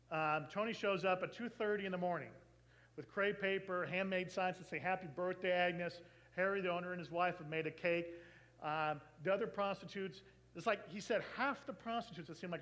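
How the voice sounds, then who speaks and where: A man preaching, telling a long story and acting out the people in it with lively changes of voice. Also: high-pitched, low-quality recording. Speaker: pastor. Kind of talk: sermon storytelling.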